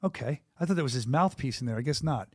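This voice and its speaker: A man hosting a sports podcast in a studio, talking quickly and enthusiastically with many restarts. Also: mid-range voice, animated, darkish tone, no echo. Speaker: podcast host. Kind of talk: casual podcast chat.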